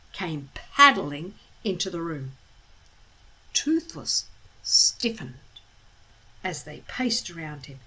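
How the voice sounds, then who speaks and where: A woman reading a children's novel aloud in a slow, expressive, deliberate way. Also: a little high, rough recording. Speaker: storyteller reading a children's book. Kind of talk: storybook read-aloud.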